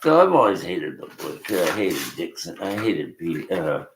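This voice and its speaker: A man's voice: deep voice, big pitch swings, normal speed, echoey room, background noise. An older Canadian man delivering a blunt, cursing rant, laughing between complaints. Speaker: vlogger. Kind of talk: ranting monologue.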